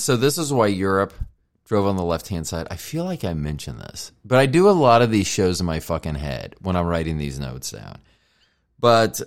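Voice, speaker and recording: A man in his fifties hosting a podcast as a solo monologue, rambling from thought to thought, swearing casually, and joking at his own expense. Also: lowish voice. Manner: rambling, profane, self-mocking. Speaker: podcast host.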